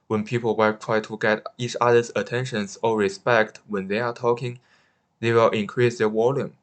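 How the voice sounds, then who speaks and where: Halting lowish-voiced man reading a study. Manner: careful, slightly halting, with restarts. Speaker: student presenter. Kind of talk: read-aloud class presentation.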